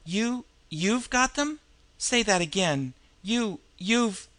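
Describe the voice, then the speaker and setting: A man reading as a hurt, halting young adventurer. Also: on the high side, pushed and bright. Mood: incredulous. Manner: halting, stammering speech. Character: weak, hurt young male adventurer, wry and brave.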